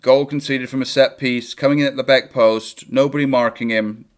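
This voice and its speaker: Young man, mid-pitched voice, casual live-stream chatter, jokey football reactions, home mic. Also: steady tone, normal speed, smooth. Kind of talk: live match watchalong chat.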